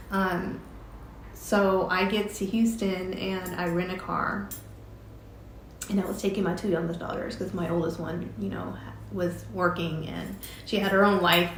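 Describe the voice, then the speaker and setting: A middle-aged woman telling a personal story, halting and emotional, with many fillers and restarts. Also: mid-range voice, fairly bright tone, reverberant, slight background noise. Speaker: vlogger telling her story.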